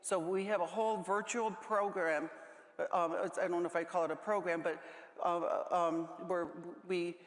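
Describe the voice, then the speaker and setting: A woman speaking as a panel guest, halting and holding back tears. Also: lowish voice, fairly even intonation. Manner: halting, with many restarts. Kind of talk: emotional panel talk. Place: large conference hall. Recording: echoey hall with long reverb.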